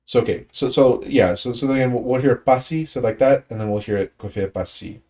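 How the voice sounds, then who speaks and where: A man's voice: medium pitch, brisk, mellow. A man leading a casual language study session, patiently explaining grammar while thinking aloud with frequent fillers and restarts, and giving short praise to learners. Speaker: study group leader teaching Tongan.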